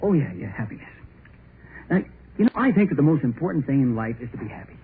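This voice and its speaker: An actor playing an eager young man named Bill in a 1930s radio drama, boyish and excitable, often breaking into laughter. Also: mid-range voice, quick pace, slight background noise. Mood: exuberant. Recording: tinny old radio broadcast with music.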